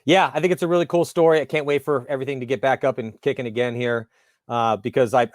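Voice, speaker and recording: A male host of an interview show, chatting casually and telling a lively story in which he acts out the dialogue. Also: mid-range voice, dry recording, studio quality. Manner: animated storyteller acting out dialogue.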